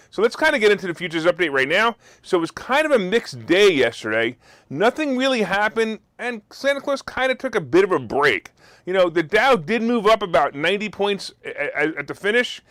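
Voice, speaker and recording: A man hosting a markets talk show, talking in a sarcastic, animated way, now and then bursting into loud mock outrage. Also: high voice, no echo. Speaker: host. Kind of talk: opinionated market commentary.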